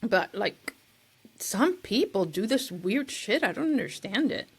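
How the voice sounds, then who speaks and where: Woman co-host, casual podcast talk, fry in the voice, rambly and loose. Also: mid-range voice, very animated, measured pace. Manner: chatty, rambling, loses her words.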